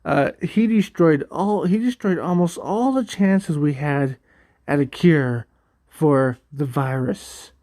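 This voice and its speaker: A man voicing a scheming woman cult leader who gloats in a slow monologue, slightly higher than his usual voice. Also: a little mellow, dry recording, studio quality. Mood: gloating.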